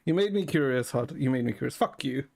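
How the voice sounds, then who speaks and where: A man streaming and chatting with viewers in a deadpan, rambling way, swearing now and then. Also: medium pitch, fast, gravelly. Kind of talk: casual chat with viewers.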